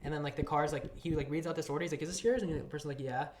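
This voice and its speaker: A podcast co-host telling a story in casual chat, acting out what coworkers said in lively quoted voices. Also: medium pitch, very fast. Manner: animated, acts out what coworkers said. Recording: echoey room with steady noise.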